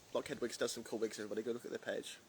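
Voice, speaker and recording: The recording is rough, with a little hiss or hum, as a young man speaks in a medium-pitched, sharp-toned voice. He's a drag performer chatting casually on a livestream, reading viewer comments and answering them with lots of fillers and rambling.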